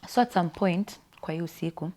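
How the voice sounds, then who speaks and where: Young Kenyan woman guest, lowish voice, confiding story, slips into whispers. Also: fairly quick, warm tone. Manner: often drops to a breathy whisper, switches between English and Swahili slang. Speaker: podcast guest. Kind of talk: personal storytelling. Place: podcast studio.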